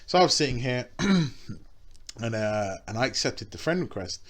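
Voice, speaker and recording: A man's voice: medium pitch, sing-song, measured pace, fairly bright tone. A man hosting a casual podcast chat, telling a story in a rambling way with many restarts, swearing and laughing as he goes. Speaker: podcast host.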